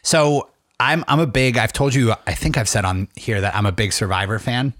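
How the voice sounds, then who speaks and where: A man's voice: mid-range voice, normal speed, fairly bright tone, no room sound, clean studio sound. A man in his twenties co-hosting a podcast, rambling and joking in casual chat. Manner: rambling, self-interrupting, joking. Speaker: podcast co-host.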